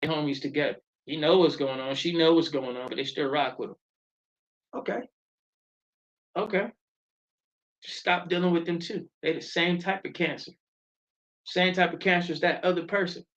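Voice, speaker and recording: A middle-aged man, telling stories in an animated, preachy way as a live show host. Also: fairly high pitch, moderate pace, long pauses. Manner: animated storytelling, preachy and emphatic. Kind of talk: casual live-stream talk. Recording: dull lo-fi stream audio.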